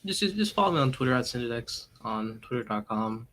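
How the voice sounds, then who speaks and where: Man, mid-pitched voice, podcast guest, halting, repeats words. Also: animated, a bit bright. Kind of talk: casual chat.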